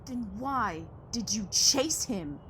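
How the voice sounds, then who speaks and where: A woman playing a blunt, distrustful young woman from a poor neighborhood in an audio drama, sharp-tongued and sarcastic. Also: on the high side, lively intonation, slow, slight background noise, exaggerated voice.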